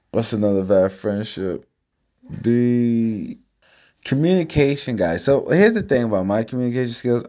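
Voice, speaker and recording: Vlogger, male, lowish voice, casual profane riffing to camera. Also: a little mellow. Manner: loose, streetwise, swears freely, keeps asking "you know what I'm saying". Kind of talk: casual solo talk to camera.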